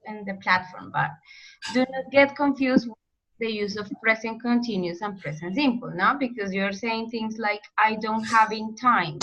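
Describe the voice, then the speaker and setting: Teacher, woman, bright and slightly high, patient corrective manner, dull lo-fi call audio. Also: slight background noise. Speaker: English teacher. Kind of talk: online language class.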